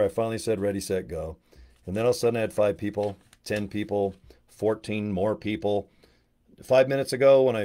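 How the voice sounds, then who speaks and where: Profane, excitable middle-aged man. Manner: profane, excitable, swings between loud bursts and low asides. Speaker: network marketing promoter. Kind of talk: casual to-camera pitch.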